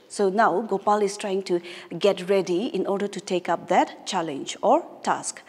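An English teacher from Nagaland, India, patiently explains a story to her class, rereading and rephrasing each line. Her voice is mid-range, husky and darkish at a moderate pace, in an echoey room with long reverb.

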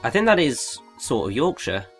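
A man's voice: mid-range voice, big pitch swings, moderate pace, soft background music. An English man chatting casually while commentating a puzzle game playthrough, explaining British references. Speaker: let's play commentator. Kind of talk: casual gaming chat.

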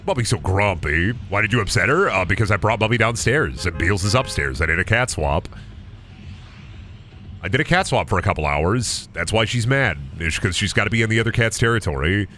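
A man's voice: fairly low pitch, lively intonation, a little fast, pushed and bright, soft background music. A young man streaming a video game, chatting casually, goofing around and swearing often. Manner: goofy, swears a lot, does silly voices and noises. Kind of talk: casual gaming stream chat.

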